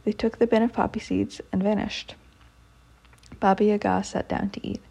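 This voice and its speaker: A woman storyteller reads a folk tale aloud at a measured, steady pace. Her voice is dark and mellow, with a gravelly, husky texture. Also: mid-range voice.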